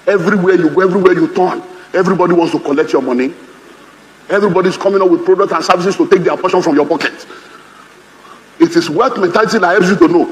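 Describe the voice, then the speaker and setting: High-voiced Nigerian preacher in a reverberant hall. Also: male voice, fast talker. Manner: animated and humorous, acting out quoted voices. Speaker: pastor. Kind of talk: sermon.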